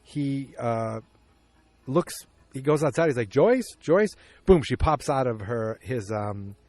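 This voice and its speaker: A man's voice: mid-range voice, no echo. Chatty man recapping outdoors. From Massachusetts. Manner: chatty, acts out character lines with quick voice shifts. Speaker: podcast host. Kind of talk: casual episode recap. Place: outdoors in a backyard.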